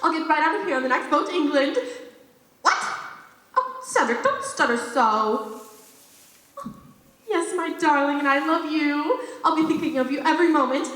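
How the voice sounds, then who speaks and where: A high school girl acts out a glamorous stage actress who gushes and purrs catty remarks, her pitch swooping in an affected, theatrical way. The high voice carries from far off across an echoey school auditorium, with a long hall reverb. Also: lively intonation, normal speed, long pauses, fairly bright tone. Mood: gushing. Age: teens. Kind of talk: stage play acting. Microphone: far audience camera.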